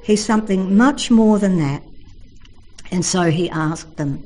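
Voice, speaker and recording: A woman giving a devotional Bible talk, telling the stories earnestly and slowing down for emphasis. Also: lowish voice, mellow, rough recording. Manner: earnest storytelling, slows for emphasis. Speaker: Bible teacher.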